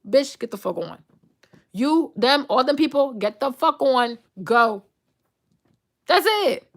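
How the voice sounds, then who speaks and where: A woman's voice: high voice, very animated, takes it slowly, long pauses. Blunt, profane woman ranting. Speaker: host. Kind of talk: uncensored casual rant to viewers.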